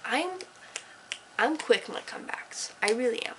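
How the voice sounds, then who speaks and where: Her voice sits on the high side, expressive and at a moderate pace, as this teen girl chats late at night to camera in her desk-lamp-lit room. She rambles sarcastically, dropping to whispers and then erupting with energy. The audio is low quality with slight background noise.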